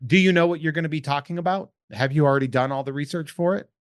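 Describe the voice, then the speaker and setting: A man's voice: on the high side, fast talker, smooth, dry recording. Joking male podcast host, dry sound. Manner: rambling, jokey, self-deprecating. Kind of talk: casual chat.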